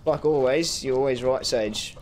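A young man commentating a horror game playthrough, swearing and ranting with excitable outbursts. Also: mid-range voice, moderate pace, a little hiss or hum. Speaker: gaming streamer. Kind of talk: let's play commentary.

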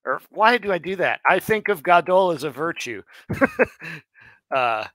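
A man's voice: on the high side, very animated, unhurried, fairly bright tone, no room sound. A man co-hosting a live online class who thinks aloud and corrects himself as he translates. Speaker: co-host of a Hebrew study class.

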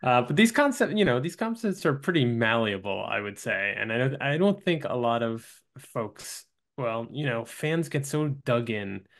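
A man hosting a casual talk, relaxed and a bit hesitant, laughing along with his guest. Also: medium pitch, normal speed, few pauses. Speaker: podcast host. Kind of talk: casual chat.

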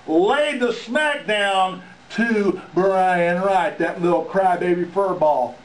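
A man's voice: sits high, takes it slowly. A man, a wrestling manager, gloating and taunting in a promo. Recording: echoey room, distant mic.

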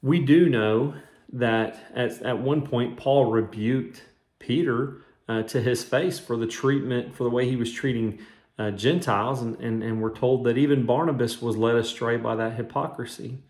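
A man's voice: medium pitch, steady tone, normal speed, a little mellow. A man who is a minister, giving a short devotional sermon in an earnest, conversational way and weaving in scripture quotes. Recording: roomy echo.

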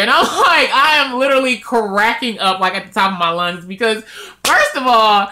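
A woman's voice: a little high, normal speed. A woman vlogger chatting casually and emotionally straight to her viewers about her weight-loss progress. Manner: emotional and openly expressive, talks straight to viewers. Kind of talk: casual vlog chat.

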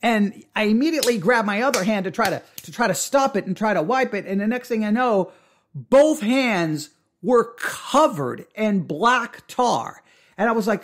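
A man with a high voice recounts a mishap in a casual, animated way. He stammers and restarts often and jumps up into his own panicked outbursts as he acts them out. He sounds middle-aged. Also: normal speed. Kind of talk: casual storytelling.

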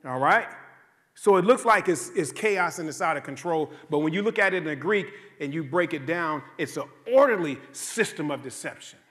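A male pastor delivers a sermon in a church with a high, bright voice. He preaches in a conversational, joking way, telling stories and repeating phrases for emphasis. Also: lively intonation, moderate pace. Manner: conversational, joking storytelling with repetition. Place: church sanctuary.

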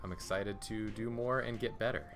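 Relaxed man joking on a game stream. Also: lowish voice, moderate pace, soft background music. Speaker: stream co-host. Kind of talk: casual game-stream chat.

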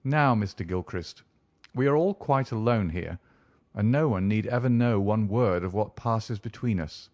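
A man voicing a calm, shrewd male detective who talks in a suave, measured, deliberate way. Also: fairly low pitch, dry recording, lightly acted. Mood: probing. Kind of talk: audiobook character reading.

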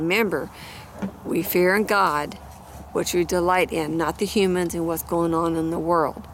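A woman's voice: lowish voice, steady tone, a little slow, a little hiss or hum. A woman vlogging outdoors with a handheld mic, chatting earnestly and praying aloud for her viewers. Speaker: Christian ministry vlogger. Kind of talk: casual prayer and encouragement talk. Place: outdoors near animals and hay. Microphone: handheld microphone.

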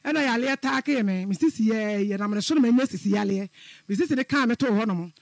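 A man's voice: high voice, fast talker, vocal fry, dry recording. A middle-aged man calling in to a radio show, telling a personal story in an earnest, repetitive way. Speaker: caller.

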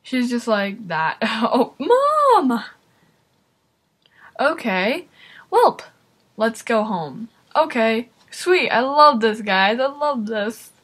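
Excitable higher-voiced woman reacting aloud. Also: takes it slowly. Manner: excitable, exclaims and talks to viewers. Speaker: YouTuber reacting to a video. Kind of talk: casual reaction commentary.

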